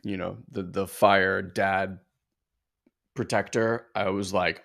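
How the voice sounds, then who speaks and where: A man's voice: deep voice, fairly even intonation, slow, creaky, a bit bright. A man co-hosting a podcast, telling a personal story as a father in an earnest, reflective way, full of filler words. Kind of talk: casual conversational storytelling.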